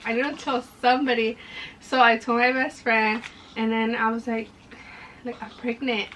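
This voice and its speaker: A woman's voice: fairly high pitch, steady tone, moderate pace, fairly bright tone, a little hiss or hum. Chatty young woman retelling a story. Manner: chatty, many "like" fillers, reenacts dialogue. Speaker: vlogger. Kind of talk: casual storytelling to camera. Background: background music.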